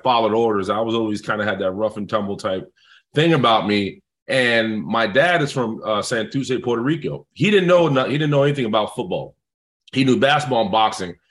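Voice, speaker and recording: A man tells stories as a podcast guest, animated and quick to laugh, peppering his talk with "man". His voice sits at an ordinary middle pitch. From South Bronx, New York. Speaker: guest, former football player. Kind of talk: casual storytelling interview.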